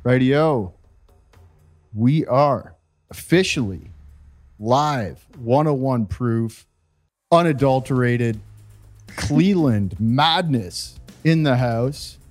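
Slow, laid-back man. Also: mid-range voice, darkish tone, faint music behind. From Canada. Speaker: podcast host. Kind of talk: casual podcast chat. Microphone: remote call.

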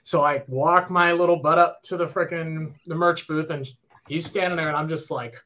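A man in his thirties, a guitarist, telling a story in casual chat, animated and excitable, full of "like" and "right?". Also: on the high side, a little fast.

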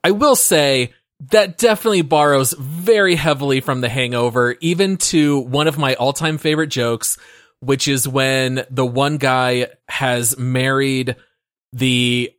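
A male podcast co-host in casual chat, giving relaxed, amused commentary. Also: mid-range voice, a little slow, no room sound, clean studio sound.

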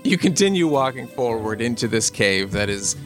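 A man narrating as the game master of a tabletop role-playing game, describing scenes slowly with pauses. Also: medium pitch, expressive, fairly bright tone, faint music behind.

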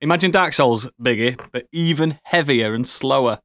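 A man co-hosting a casual gaming podcast, excitable and jokey, laughing often. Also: medium pitch, normal speed, no room sound. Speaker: podcast co-host. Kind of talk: casual chat.

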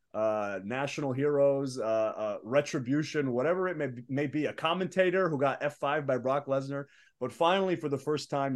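A young man, a wrestler guest, telling stories in a casual interview with rising excitement. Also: medium pitch. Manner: animated, building excitement in stories.

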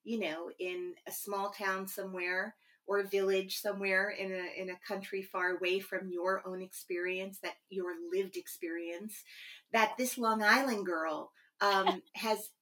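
A woman hosts an interview podcast. She heaps praise on her guest, with soft fillers as she goes. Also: mid-range voice, flat delivery, a little slow. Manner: effusive, warm praise with fillers. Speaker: podcast host.

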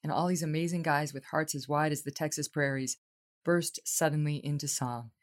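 A woman's voice: deep voice, steady tone, moderate pace. A woman hosting an interview, asking her guests questions in an earnest, emotional way. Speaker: podcast host.

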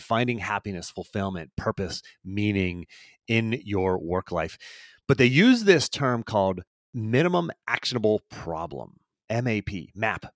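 Male performance coach, podcast host; deeper register, punchy and repetitive for emphasis, dry close sound. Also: dry recording. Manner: energetic, emphatic, repeats key phrases for effect. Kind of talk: solo motivational podcast monologue.

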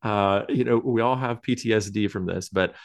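A man's voice: lowish voice, normal speed. Casual rambling podcast co-host, man. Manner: rambling, hesitant, with many fillers and chuckles. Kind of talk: casual chat.

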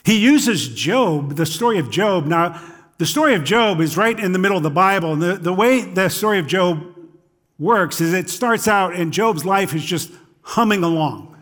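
A middle-aged man preaching in a fairly high voice. He keeps it conversational and often checks in with "right?" His tone is easygoing, like he is talking with the congregation. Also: lively intonation, normal speed, fairly bright tone. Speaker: pastor. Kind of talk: sermon.

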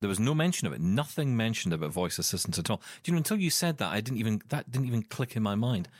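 A man hosting a podcast in casual chat, jokey and animated, laughing often. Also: lowish voice, fast, dry recording, studio quality. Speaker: podcast host.

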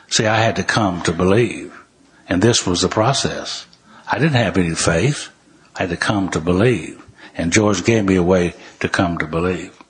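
A man's voice: low-pitched, breathy edge. An older man, telling stories from his recovery in a folksy way, with dry humor, and reading passages from the book aloud. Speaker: recovery speaker.

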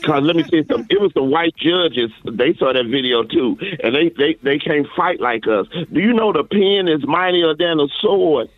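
A man's voice: fairly high pitch, animated, moderate pace, few pauses, no room sound. Rambling man on a tinny phone line. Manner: rambling, stammering, repeats himself. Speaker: caller taking a personal day. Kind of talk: comedic radio call-in.

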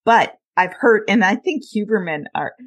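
A woman's voice: medium pitch, animated, moderate pace. A middle-aged woman hosting a podcast, speaking candidly, telling personal stories and laughing often. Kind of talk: casual conversational interview.

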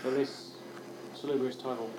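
A man's voice: mid-range voice, little pitch movement, normal speed, darkish tone, echoey room, slight background noise, rough recording. A man hosting a casual interview, chiming in with short prompting questions. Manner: brief prompting questions and acknowledgements. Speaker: host.

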